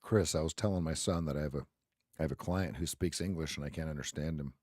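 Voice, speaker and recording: A man's voice: extremely low pitch, quick pace, dry recording, clean studio sound. A middle-aged man hosting a live trading stream, chatting casually and joking between calls on trades. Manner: chatty, jokey, excitable over trades.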